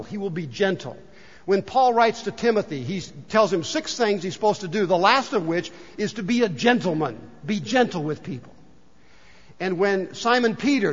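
High-voiced preaching man, echoing hall. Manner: animated preaching, drops to soft emphasis. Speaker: pastor. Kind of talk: sermon. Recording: muffled hall reverb.

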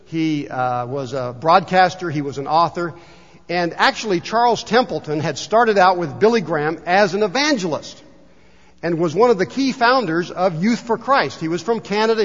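A man, a pastor, delivering a sermon and telling a story, slowing down when he reads passages aloud. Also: sits high. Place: church sanctuary. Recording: long hall reverb, dull lo-fi sound.

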